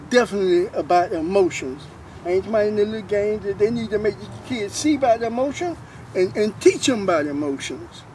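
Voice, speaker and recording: A man's voice: sits high, a little mellow, slight background noise, poor audio. An older man giving an earnest, informal testimony about faith, repeating himself as he preaches.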